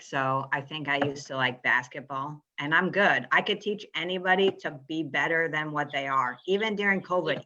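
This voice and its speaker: A woman in her twenties, a guest joining by video call, chatting casually with dry, deadpan humor. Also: deep voice. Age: 20s. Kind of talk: casual chat with comic asides. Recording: dull lo-fi video call audio.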